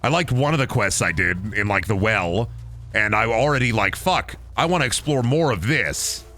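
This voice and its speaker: With faint music playing behind, a man streams a game at a moderate pace, his voice pitched on the low side. He rants animatedly, rambling and swearing freely through the casual commentary.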